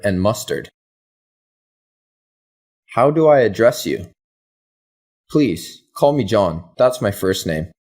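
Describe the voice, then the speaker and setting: Male reader for learner drills, low and husky, very slow and careful delivery. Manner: reads both question and answer in even, careful drills. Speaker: English lesson reader. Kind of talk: slow scripted question-and-answer reading.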